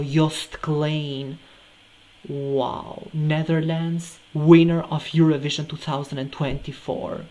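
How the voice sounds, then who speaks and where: Gushing, slow-talking man reacting to music. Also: a little high. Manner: gushing and effusive, repeating exclamations. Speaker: reaction video creator. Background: faint music from the video being watched.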